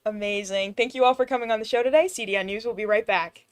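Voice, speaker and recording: A young woman interviewing fellow students for a school news show, asking brisk, bubbly questions. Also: a little high, fairly even intonation, smooth.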